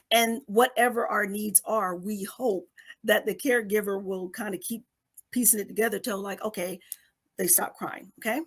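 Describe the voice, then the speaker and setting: A woman's voice: medium pitch, fairly even intonation, normal speed. A middle-aged woman on a podcast explaining a psychology topic in a conversational way, often checking in with "okay?" and acting out little scenes. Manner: acts out babies and parents in quoted voices.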